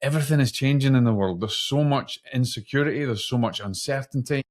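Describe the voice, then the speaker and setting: A man's voice: medium pitch, a little fast, a little mellow. A man with a Scottish accent hosting a podcast, building up his introduction with dramatic "imagine" appeals. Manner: dramatic rhetorical build-ups, repeated "imagine". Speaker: podcast host. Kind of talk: casual interview podcast.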